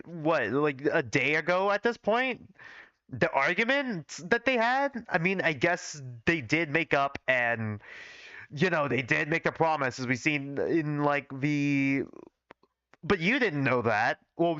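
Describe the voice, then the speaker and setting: A man's voice: fairly high pitch, expressive, a little slow, sharp tone, no room sound. A young man on a livestream reading his old fan fiction aloud, cursing, stumbling and teasing himself between lines. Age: young adult. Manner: self-mocking, swears, stumbles and laughs at his old writing. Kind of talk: casual livestream reading with self-commentary. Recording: dull, dry livestream audio.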